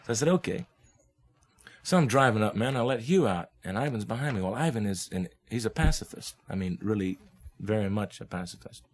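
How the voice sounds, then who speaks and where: Brisk and lively in intonation, this young man's fairly low voice carries casual storytelling. A guest musician from Oklahoma, he leans on easygoing hip slang and laughs a lot while portraying the people he talks about.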